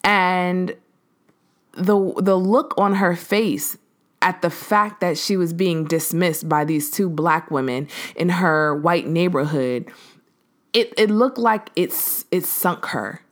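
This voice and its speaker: A woman hosting a podcast, telling a story in a casual, animated way, acting out the voices of the people in it and using lots of fillers. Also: lowish voice, slow pace. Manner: animated, acts out quoted voices, frequent fillers. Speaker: podcast host.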